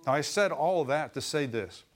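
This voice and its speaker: A man's voice: a little high, lively intonation, normal speed. A middle-aged man preaching a sermon, telling stories and swelling into emphatic exclamations. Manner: storytelling, rising to emphatic exclamations.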